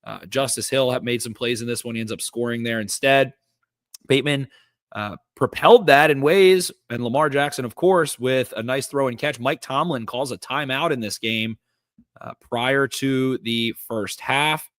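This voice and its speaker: A man talks through football plays with eager energy and plenty of "uh"s. His voice sits at an ordinary middle pitch. The studio recording is dry and close. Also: moderate pace, no echo. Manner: energetic, recaps plays with lots of fillers. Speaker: podcast host. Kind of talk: casual football breakdown.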